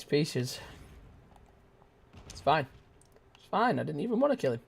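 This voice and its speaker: A young man giving live gameplay commentary, chatting casually and shouting sudden excited exclamations. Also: on the high side, normal speed, creaky, pauses often. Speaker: gaming video host.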